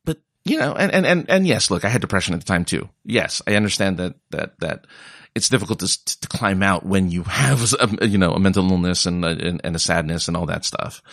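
A man's voice: deep voice, lively intonation, a little fast, creaky, a bit bright, no room sound, clean studio sound. A young man talking casually in a rambling way and mocking other people's voices when he quotes them. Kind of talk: casual monologue.

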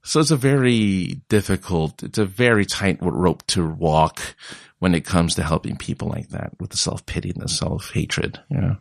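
A man's voice: low voice, moderate pace, gravelly, no echo, studio quality. A young man talking casually in a rambling way and mocking other people's voices when he quotes them. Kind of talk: casual monologue.

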